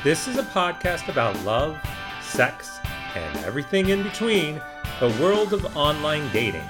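A man's voice: a little high, big pitch swings, unhurried. A man, co-host of a podcast, reading the show's scripted intro in an upbeat announcing way. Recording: voice over loud music.

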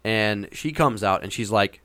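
A man's voice: on the low side, measured pace, a bit bright, dry recording. A man casually telling a long, meandering anecdote with frequent hesitations. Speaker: storyteller. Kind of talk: casual chat.

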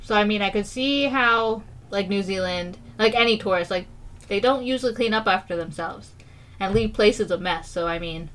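Bright, animated young American woman. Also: normal speed. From United States. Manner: animated, acts out quoted lines with exaggerated pitch jumps. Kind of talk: casual chat.

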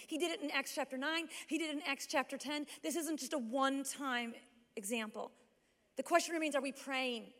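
A woman pastor preaching a sermon in a chatty, animated storytelling way. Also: sits high. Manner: animated, conversational storytelling with lots of "like". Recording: long hall reverb.

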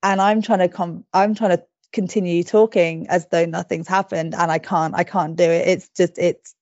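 A chatty woman with a lowish voice tells stories on her podcast, laughing at herself as she goes. The recording is dull and dry. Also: steady tone, normal speed, darkish tone, dry recording. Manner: chatty, laughs often, self-deprecating. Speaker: podcast co-host. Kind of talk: casual chat.

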